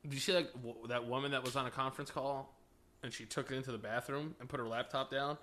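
A man's voice: mid-range voice, steady tone, fast, sharp tone, a little hiss or hum. A young man co-hosting a podcast, teasing bluntly in crude casual banter. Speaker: podcast co-host.

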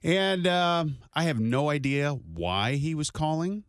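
A man's voice: on the high side, lively intonation, takes it slowly, smooth, no room sound, studio quality. A man co-hosting a radio podcast, reminiscing casually with lots of fillers and asides. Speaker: podcast co-host and radio personality. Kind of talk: casual chat.

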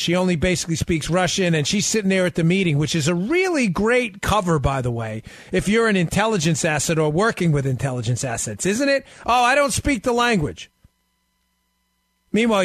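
Radio host guy, pitch way up and jumping around, argues hard, asks listeners tons of questions. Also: no room sound. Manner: animated, argumentative, fires off rhetorical questions; addresses listeners directly. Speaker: radio talk show host. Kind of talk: political talk radio monologue.

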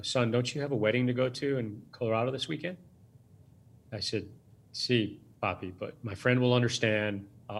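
A man's voice: lowish voice, fairly bright tone. A man speaking as a guest, telling a personal story in a reflective way, with short phrases and many fillers.

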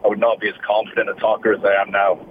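A man's voice: fairly low pitch, completely flat delivery, very fast. A Scottish man in his thirties, a wrestler, telling his story in an earnest, reflective way over the phone. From Scotland. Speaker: guest wrestler. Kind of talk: casual interview over the phone. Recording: tinny phone line with faint noise.

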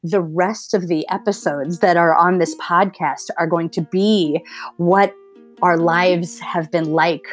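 Woman host, low voice, earnest and casual, soft guitar bed. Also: fairly even intonation, takes it slowly. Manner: earnest, with frequent ums and uhs. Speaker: podcast host. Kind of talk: casual spoken intro to listeners. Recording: faint guitar music underneath.

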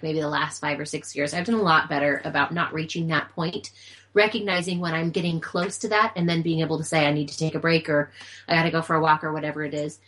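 A woman's voice: sits low, fairly bright tone, rough recording. Chatty storytelling woman co-host. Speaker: podcast co-host. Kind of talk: casual chat.

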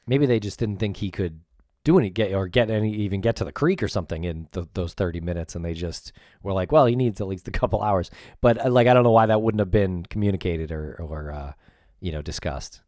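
Lowish man, hesitant podcast voice. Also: fairly quick, warm tone, dry recording, clean studio sound. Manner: hesitant, with fillers. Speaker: podcast co-host. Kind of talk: casual discussion and read narration.

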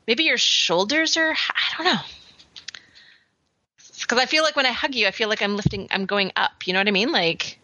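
Chatty woman podcast host, bright and dry. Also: a little high, normal speed, no echo, dull audio. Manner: chatty, laughing, lots of fillers. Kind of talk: casual chat.

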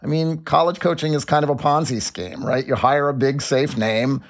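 A man's voice: mid-range voice, normal speed. A man co-hosting a sports podcast, making pointed, argumentative points in casual chat. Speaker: podcast co-host.

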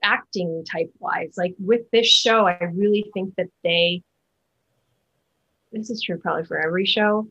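A woman's voice: medium pitch, unhurried, fairly bright tone, breathy edge, dull audio. A woman Broadway actor chatting as an interview guest, talking in a loose, chatty way full of fillers and restarts. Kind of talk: casual interview chat.

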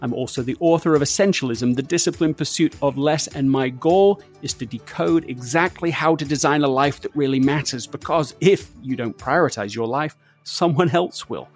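A man hosting a podcast interview, calm and measured in his delivery. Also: medium pitch, faint music behind. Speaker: podcast host.

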